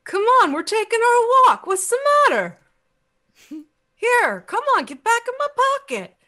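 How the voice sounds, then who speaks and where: Woman doing a young boy calling to a pet, high and coaxing. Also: huge pitch swings, unhurried, bright, forceful tone, heavily acted.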